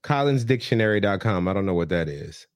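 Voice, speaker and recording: A man's voice: on the low side, expressive, brisk, clear, resonant tone, no room sound. Teasing man, dry mic. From American South. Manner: teasing, slangy, chuckling. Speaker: podcast co-host. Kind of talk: casual chat.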